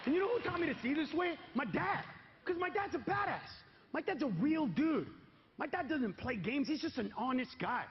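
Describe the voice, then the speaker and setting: High-voiced man doing loud stand-up. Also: lively intonation, moderate pace. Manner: loud, punchy delivery with shouted punchlines. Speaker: stand-up comedian. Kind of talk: stand-up comedy set. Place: comedy stage before a live audience. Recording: lo-fi live recording with crowd noise.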